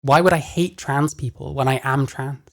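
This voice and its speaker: A woman's voice: extremely low pitch, steady tone, normal speed. A woman reacting to a video, blunt and sarcastic, often swearing. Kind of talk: casual reaction commentary.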